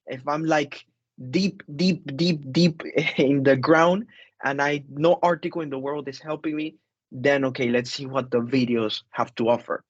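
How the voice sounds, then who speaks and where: A man's voice: medium pitch, fairly even intonation, unhurried, dry recording, dull audio. Man leading a casual group discussion. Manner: conversational, repeats phrases, frequent fillers. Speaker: course instructor leading a book discussion.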